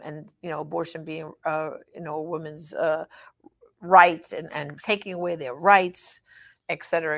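Emphatic woman with a gravelly edge. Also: on the low side. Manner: emphatic and exhortative, frequent fillers. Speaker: pro-life advocate. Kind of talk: direct address advocacy talk.

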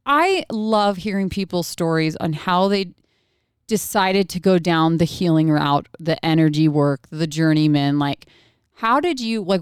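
A woman's voice: fairly low pitch, clean tone, dry recording, studio quality. A woman hosting a podcast, chatting casually in a rambling way and laughing often. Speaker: podcast host.

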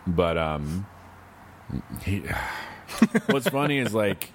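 A man's voice: low voice, very animated, very slow, slight background noise. A man co-hosting a podcast, chatting casually in a laid-back way, swearing freely and mimicking people in his stories. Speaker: podcast co-host. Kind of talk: casual chat.

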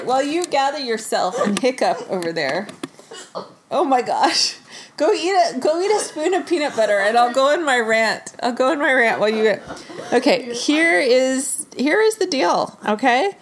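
A woman co-hosting a casual sports chat, launching into an animated, exasperated rant. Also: on the high side, unhurried, a little hiss or hum. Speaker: podcast co-host.

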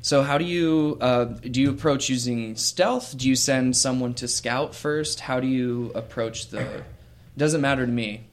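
A man narrating a tabletop game as game master, with frequent hesitations and fillers. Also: mid-range voice. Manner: slow, hesitant, with many fillers.

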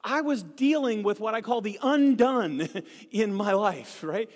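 Pastor, man, high voice, humorous storytelling sermon, live church hall sound. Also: unhurried. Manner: storytelling with humor, animated swings. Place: church sanctuary.

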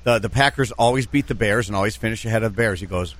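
A middle-aged man co-hosting sports radio, telling animated stories about his son and football in casual banter. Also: on the low side, quick pace. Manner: storytelling, animated anecdotes. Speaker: radio co-host.

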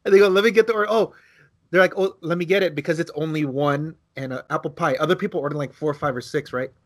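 A man co-hosting a podcast, telling a casual story, acting out quotes with big jumps in his voice and swearing freely. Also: quick pace. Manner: animated, acts out quotes with big pitch jumps. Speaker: podcast co-host.

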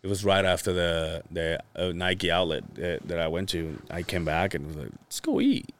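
Low-voiced man telling a rambling story. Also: fairly even intonation, normal speed, a bit bright, a little hiss or hum. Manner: rambling storyteller, swears casually, many fillers. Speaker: podcast host. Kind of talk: casual chat.

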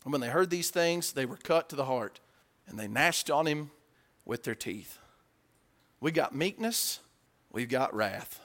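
A man preaching a conversational sermon, asking his listeners questions and acting out quotes, dropping to hushed asides and rising to loud, emphatic peaks. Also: on the high side, lively intonation, measured pace, long pauses.

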